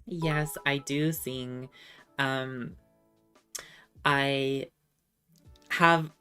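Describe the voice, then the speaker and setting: A young adult woman streamer chatting casually with viewers, self-deprecating and halting when she tries French. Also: extremely low pitch, fairly even intonation, bright, forceful tone, soft background music. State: slightly under the weather.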